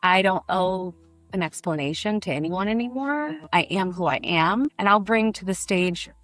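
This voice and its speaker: Middle-aged woman, candid interview guest, animated storytelling, dry sound, faint music underneath. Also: medium pitch, normal speed, dry recording. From Brazil. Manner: animated, emotional storytelling with acted quotes. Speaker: burlesque performer, guest.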